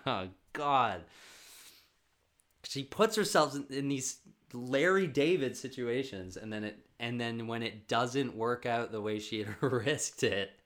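Young male podcast comic, casual rambling storyteller, heavy swearing, average pitch. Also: animated, a bit bright. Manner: profane, rambling, fast bursts.

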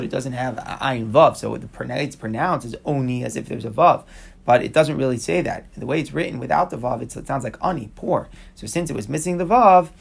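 A man explains a page of Talmud at a brisk clip, slipping Hebrew and Aramaic phrases into casual English. His voice is strongly gravelly and husky, with a worn, rough edge. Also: medium pitch. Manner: quick, conversational, mixes Hebrew and Aramaic terms. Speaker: Talmud teacher.

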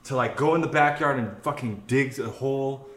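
A man's voice: mid-range voice, normal speed. Profane ranting young man, echoey kitchen. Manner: profane, ranting, animated complaints. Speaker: podcast host. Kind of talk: casual chat while cooking. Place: home kitchen.

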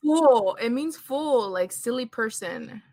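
A woman's voice: fairly high pitch, expressive, slow, a little mellow. A woman joining a podcast chat, a bit shy and hesitant. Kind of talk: casual chat.

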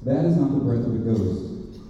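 A huge, solemn lion from a storybook speaks slowly and with command, as a man puts on his voice. The tone is very dark and mellow. The sound is dull and carries from far off in a long, roomy hall. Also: mid-range voice, expressive, voice pushed down, close to an everyday voice. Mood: grave. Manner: slow, grave and commanding. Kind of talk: reading a storybook aloud.

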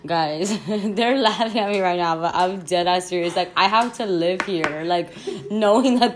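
Young woman podcast host, low-ish voice, slangy, rambling, laughs a lot, faint hiss behind. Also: normal speed, few pauses. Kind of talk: casual storytime chat. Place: her home.

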